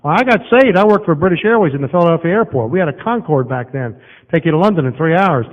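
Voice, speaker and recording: Folksy preacher in a reverberant hall. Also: male voice, on the high side, fast. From Southern United States. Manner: folksy, lively, walking and pointing across the room. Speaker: guest preacher. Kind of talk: sermon. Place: large church auditorium. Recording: dull, long-reverb hall recording.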